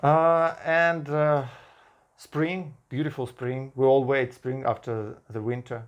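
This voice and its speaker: A man's voice: mid-range voice, flat delivery, dull audio. Russian guy vlogging in english, heavy accent, lots of restarts and um's, easygoing. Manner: halting speech with frequent restarts and simple grammar. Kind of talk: casual to-camera vlog.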